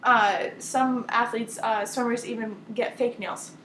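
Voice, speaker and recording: A woman with a high voice retells a story on a group call, lively and acting out each person's lines. She sounds like she is in an echoey room. A faint hum of background noise sits under her voice. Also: a little slow. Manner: animated storyteller, acts out quoted voices.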